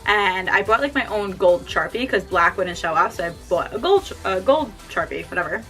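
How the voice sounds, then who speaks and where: A young woman vlogger telling an excited story at home, gushing and saying "like" constantly. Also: medium pitch, a little fast, faint music behind. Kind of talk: casual story time.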